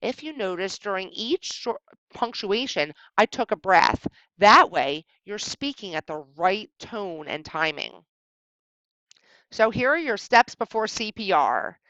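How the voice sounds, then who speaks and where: Lively woman teaching a recorded lesson. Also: mid-range voice, dry recording, muffled recording. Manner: expressive, exaggerated pauses at punctuation. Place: indoors at home.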